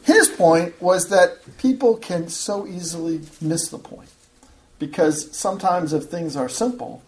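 A man's voice: on the high side, a little slow, darkish tone. A man pastor preaching a sermon in an earnest, conversational way, after reading scripture and praying.

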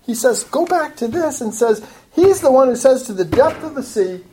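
A woman's voice: sits high, expressive, normal speed, warm tone, a little hiss or hum. A woman giving an earnest, explanatory Bible study lecture, walking through a passage verse by verse and building to emphatic urging. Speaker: Bible teacher.

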